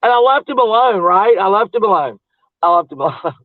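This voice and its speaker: A woman's voice: medium pitch, lively intonation, a little fast, dry recording. A woman livestreaming, chatting casually with viewers in a gossipy, rambling way and laughing often. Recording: tinny phone-like audio, dry.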